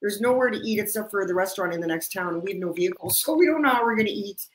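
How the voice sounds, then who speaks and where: A woman's voice: mid-range voice, lively intonation, racing, poor audio. Chatty woman hosting. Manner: laughs often, upbeat storyteller. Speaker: podcast host. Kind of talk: casual chat.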